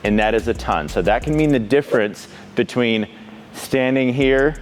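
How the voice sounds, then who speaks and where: A man teaching a sport in an instructional video, explaining step by step in a clear, methodical way. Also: mid-range voice, normal speed, soft background music. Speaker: pickleball coach.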